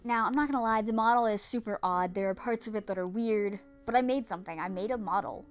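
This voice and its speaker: A woman's voice: mid-range voice, quick pace, faint music behind. A young woman narrating her vlog in a casual, dramatic way, swearing and repeating herself often. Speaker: vlogger.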